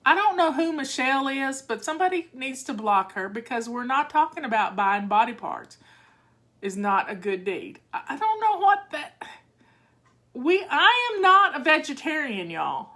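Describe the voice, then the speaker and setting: Her voice sits high and swings widely in pitch, bright and forceful at a moderate pace. She's an older woman who vlogs on home organizing, chatting folksily with viewers live and responding to their comments.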